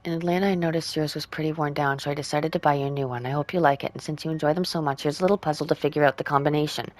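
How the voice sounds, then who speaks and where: A woman playing a puzzle game, reading in-game letters aloud and working out clues with quiet asides. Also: sits low, steady tone, rapid-fire. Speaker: game streamer.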